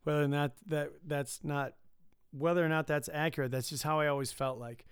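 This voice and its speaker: A man's voice: a little high, steady tone, a little fast, clean tone, dry recording, studio quality. A man chatting casually in an easygoing, agreeable way. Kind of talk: casual chat.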